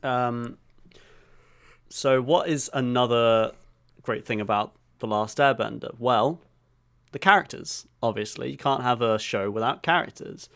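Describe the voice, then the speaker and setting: A man co-hosting a podcast, explaining at length in a steady, casual way with fillers and some swearing. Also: medium pitch, a little slow, creaky, clean tone. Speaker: podcast co-host.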